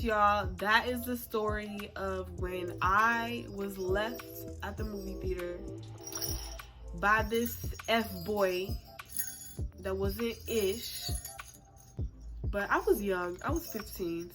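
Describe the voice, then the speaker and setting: A young woman recounts a personal story in a casual, chatty way, full of slang and expressive asides. Her voice sits in an ordinary middle range. Music plays clearly beneath her. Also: medium pitch, slow pace. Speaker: vlogger. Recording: music playing under the voice.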